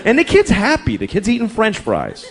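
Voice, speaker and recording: In an animated, exasperated stand-up rant full of swearing, a middle-aged comedian works a large theater stage in front of a live audience. He speaks at a moderate pace with a high, gravelly voice.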